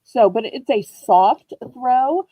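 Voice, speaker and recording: Chatty high-voiced woman auction host. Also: expressive, slow, no echo, narrow, tinny audio. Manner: chatty, gushing and upbeat. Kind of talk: live selling stream chat.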